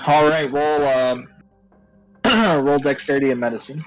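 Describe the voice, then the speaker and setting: A man's voice: a little high, measured pace, dry recording, rough recording. Laid back guy running the game, kinda hesitant, chuckles here and there. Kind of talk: casual tabletop game chat.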